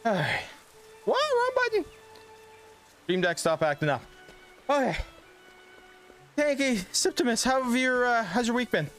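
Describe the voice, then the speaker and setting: A man's voice: extremely high pitch, lively intonation, normal speed, pauses often, fairly bright tone, faint music behind. A man streaming a video game, out of breath and chatting with his viewers in a loose, casual way as he plays. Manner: chatty, talks to chat between gameplay. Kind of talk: casual livestream chat while gaming.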